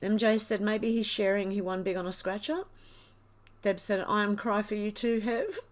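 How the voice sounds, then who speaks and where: A woman's voice: mid-range voice, moderate pace. Tearful woman reading live comments. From Australia. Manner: emotional, tearful, reads viewer comments aloud. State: crying. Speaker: livestream host. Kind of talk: casual live chat, reading comments aloud.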